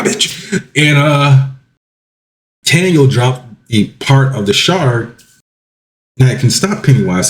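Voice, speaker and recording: A man hosting a casual solo podcast, rambling through plot recaps with lots of ums and quick self-corrections. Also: fairly low pitch, roomy sound. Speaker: podcast host.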